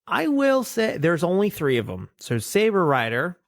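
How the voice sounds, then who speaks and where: A man's voice: high voice, wildly swooping pitch, moderate pace, vocal fry, dry recording. Jokey man with a dry, close sound. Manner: jokey, riffing, slips into silly voices. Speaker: podcast co-host. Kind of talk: casual cartoon review chat.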